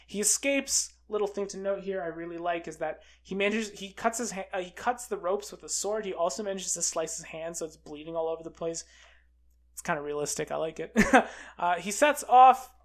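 A film reviewer recapping a movie in a casual, excitable way, full of fillers like "uh" and "like". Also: medium pitch. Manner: chatty and excitable, with many fillers like "uh" and "like".

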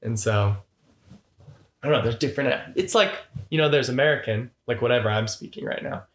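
A man's voice: mid-range voice, a little fast, reverberant. Man chatting animatedly on a podcast. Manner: animated, breaks into mock voices. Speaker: podcast co-host. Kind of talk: casual movie review chat.

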